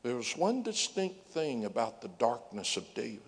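A man's voice: mid-range voice, big pitch swings, normal speed. A man preaching a dramatic sermon, dropping into whispers and singing out scripture lines.

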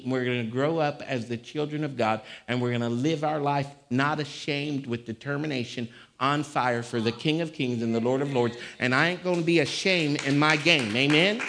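A man preaching a sermon in a church. He talks casually, then suddenly belts out fiery, shouted lines. His voice sits at an ordinary male pitch. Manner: fiery, shouting bursts between conversational stretches. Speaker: pastor. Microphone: live-streamed service mic.

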